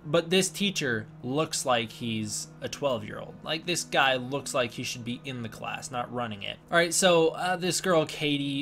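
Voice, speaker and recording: A man's voice: medium pitch, a bit bright. A man giving a casual, sarcastic spoken movie review, often mocking the characters in silly voices.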